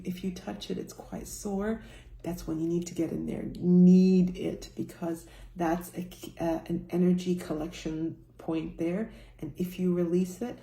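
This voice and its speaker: A woman with a low, gravelly, mellow voice guides a tapping exercise step by step. She speaks calmly and instructively, now and then dropping softer to voice the listener's self-talk. The recording sounds echoey, as if in a bare room. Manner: calm, instructive, softly voicing example self-talk. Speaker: personal success coach.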